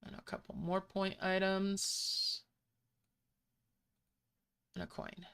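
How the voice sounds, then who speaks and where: A woman talks her way through a mobile game session, musing aloud as she plays. Her voice is smooth and clear, and she takes her time with every sentence. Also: mid-range voice, flat delivery, slow pace, fairly bright tone. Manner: chatty, musing aloud while playing. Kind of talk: casual gameplay commentary. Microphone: desk microphone.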